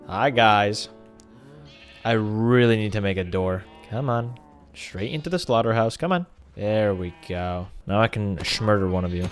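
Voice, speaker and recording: A man with a lowish voice gives casual gameplay commentary, joking as he goes. He talks straight to the animals on screen. Faint music plays underneath. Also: normal speed. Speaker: gaming creator.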